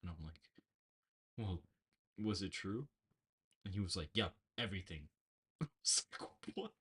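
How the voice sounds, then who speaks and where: A man hosts a political show from his bedroom on a livestream, chatting loosely and rambling through a story with many restarts. His voice is husky and sits fairly low. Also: measured pace, a bit bright. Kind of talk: casual livestream chat.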